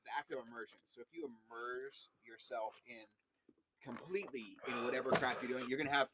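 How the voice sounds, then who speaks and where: A man hosting a casual podcast chat, telling stories in an animated way and swearing freely. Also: medium pitch, a little fast, crowd noise.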